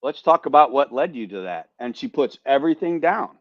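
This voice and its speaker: At a fairly quick clip, an animated veteran podcast host tells a story, swearing freely and getting tangled in repeated words. His pitch is ordinary, and the dry recording has the slightly dull quality of a lo-fi mic.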